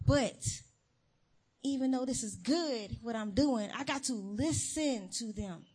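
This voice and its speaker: A woman's voice: a little high, takes it slowly, husky. A young adult woman giving a casual sermon to her church, telling stories with slang and acting out quotes. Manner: lively storytelling with slang and acted quotes. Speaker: church speaker.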